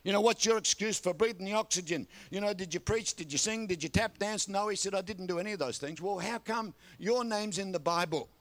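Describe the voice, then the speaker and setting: A man's voice: high voice, fairly quick, few pauses. An older man preaching a sermon, telling folksy stories and calling for amens. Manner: folksy storytelling with calls for amen. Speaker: pastor.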